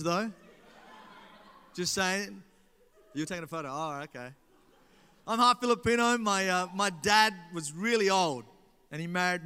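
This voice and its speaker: A man with an Australian accent preaches a sermon in a large hall, joking and trading lines with the crowd. His voice is high, bright, forceful and clean. It was recorded live, with the hall's reverb audible.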